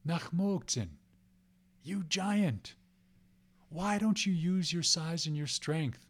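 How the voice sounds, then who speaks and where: A man doing a mocking old spirit. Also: high-pitched. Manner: taunting, repeats himself for emphasis. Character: wise old male spirit, laughing and mocking.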